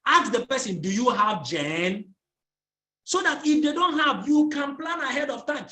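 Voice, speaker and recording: A man's voice: extremely high pitch, lively intonation, unhurried, pushed and bright, reverberant. A man with a Nigerian English accent giving a motivational training talk as a network marketing trainer. He keeps asking his listeners questions and has them fill in his sentences. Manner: drills the audience with repeated questions and fill-in-the-blank prompts.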